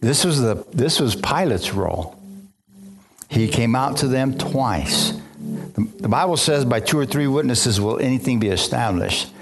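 A man's voice: mid-range voice, animated, a little slow. A man preaching a sermon, reading scripture aloud and breaking off into fervent commentary, often restarting his phrases. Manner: fervent, repeats and restarts phrases, asks the congregation. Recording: music playing behind.

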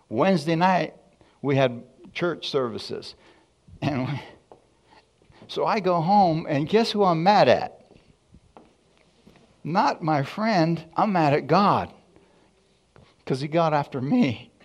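A man preaching a sermon, telling a personal testimony in a lively storytelling way and acting out the dialogue. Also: on the high side, gravelly. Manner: storytelling, animated, acts out dialogue.

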